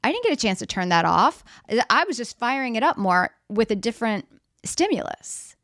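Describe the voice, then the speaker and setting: A woman's voice: on the high side, sing-song, normal speed, a bit bright, no room sound, studio quality. A middle-aged woman giving a motivational talk in a conversational way, acting out everyday scenes and putting questions to the audience. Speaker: speaker.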